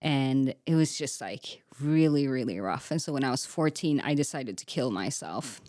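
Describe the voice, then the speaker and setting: Young woman, low-pitched, dry close sound, candid faith testimony, filler-heavy talk. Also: animated, moderate pace, dark tone, dry recording. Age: young adult. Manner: earnest and candid, with frequent "like" fillers. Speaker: podcast guest.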